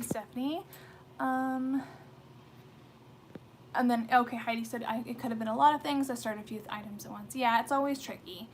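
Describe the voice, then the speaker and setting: A woman's voice: on the high side, slight background noise. A woman in her thirties from the United States, hosting a casual skincare livestream from home, chatting in a rambling way with lots of fillers and restarts. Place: home room with pets.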